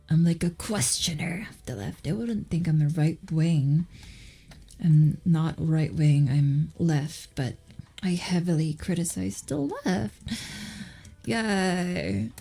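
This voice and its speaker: A woman's voice: fairly low pitch, slow pace, mellow, husky. A woman casually chatting while she draws, rambling and muttering asides as she answers questions from chat. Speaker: streamer drawing while chatting.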